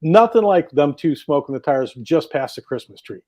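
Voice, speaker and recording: A man's voice: a little high, animated, moderate pace, mellow. A man guest on a talk show, telling stories in an enthusiastic, rambling way over a video call. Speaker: drag racing driver guest. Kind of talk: casual talk show interview.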